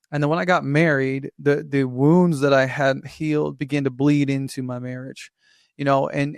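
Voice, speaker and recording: A man from Newfoundland whose accent has turned American speaks as a podcast guest, candid and energetic, often restarting as his thoughts run ahead. His voice carries gravel under a smooth, resonant tone. His pitch stays flat, and the close mic sounds dry. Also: dry recording. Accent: General American. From Newfoundland, Canada. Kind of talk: casual podcast interview.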